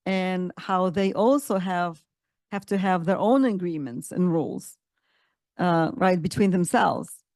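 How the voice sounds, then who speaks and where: Woman, coaching instructor, webinar presentation, enthusiastic, lowish pitch, dry sound. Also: darkish tone, smooth, no echo. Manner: enthusiastic, frequent fillers and restarts.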